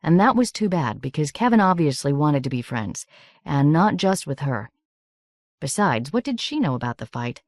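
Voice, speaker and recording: A woman narrating an audiobook in a measured, steady reading. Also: sits low, no room sound, clean studio sound.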